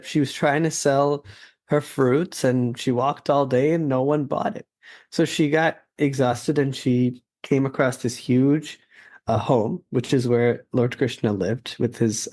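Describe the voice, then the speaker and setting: A man's voice: medium pitch, darkish tone. A man hosting a podcast, telling a story in a casual, earnest and reflective way. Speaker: podcast host.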